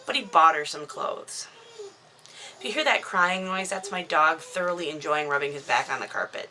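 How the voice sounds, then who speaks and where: A woman in her thirties chats at home into a camera, wandering off into self-mocking asides as she recaps her own novel. Her voice sits low yet sounds bright and forward. The talk stays loose and unscripted. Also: normal speed. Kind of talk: casual chatty book recap to camera. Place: at home indoors, dog nearby. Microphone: camera microphone.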